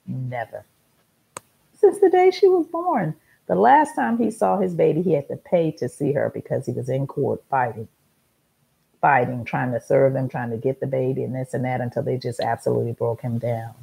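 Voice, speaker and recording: Gravelly husky woman talk show host. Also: rumbling low, fairly quick, mellow, rough recording. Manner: emphatic, repetitive storytelling.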